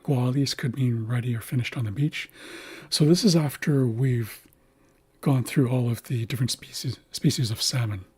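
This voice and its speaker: A medium-pitched man, a little mellow and slightly rough, leads a language lesson over livestream. He talks slowly and with care, repeating words so viewers hear their pronunciation.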